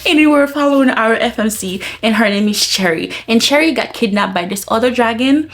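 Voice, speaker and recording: A woman chatting casually in a book review vlog. She talks with excitement, laughs often and fills her speech with "like.". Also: a little high, a little fast. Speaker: book vlogger.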